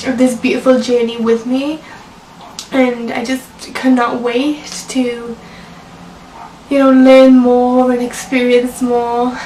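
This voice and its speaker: Young woman vlogger with a high voice, chatty and emotional personal telling; roomy, distant recording. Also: slight background noise. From Britain. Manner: chatty, emotional, many fillers like "like" and "you know". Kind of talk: personal story told to camera. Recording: echoey room, mic at a distance.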